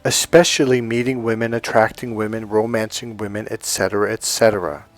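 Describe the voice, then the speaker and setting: A man's voice: on the low side, fairly even intonation, a little fast, soft background music. A man coaching other men on dating in an emphatic, blunt monologue, swearing freely as he drives his points home. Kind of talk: motivational monologue to camera.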